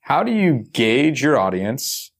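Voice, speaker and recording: A man's voice: medium pitch, sing-song, takes it slowly. A man hosting a podcast, asking his guest loose, casual questions. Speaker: podcast host.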